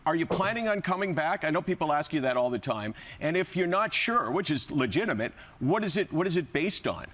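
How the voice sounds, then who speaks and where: A man's voice: on the high side, sing-song, a little fast, a bit bright. A man hosting a talk show, asking direct, wry questions in a casual interview.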